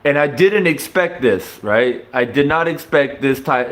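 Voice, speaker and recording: A young man with a fairly high, lively voice talks slowly through a boxing clip. He laughs often and swears freely, and he keeps calling his viewers bro as he reacts in disbelief. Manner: laughing, incredulous, profane, addresses viewers as bro. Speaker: boxing commentator. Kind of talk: casual reaction commentary.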